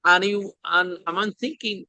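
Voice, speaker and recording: A man hosting a podcast interview, talking in an animated, emphatic way with phrasing. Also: high-pitched, moderate pace, a crowd in the background, rough recording. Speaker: podcast host. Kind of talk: casual interview chat.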